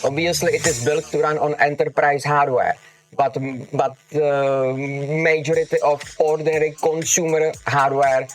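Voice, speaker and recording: A man's voice: a little high, steady tone, normal speed. A man with a non-native English accent hosting a livestream, answering chat questions in an emphatic, teasing way and calling viewers darling. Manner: emphatic, calls viewers darling, repeats "okay? got it?". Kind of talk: casual livestream Q&A. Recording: faint music under voice. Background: background music.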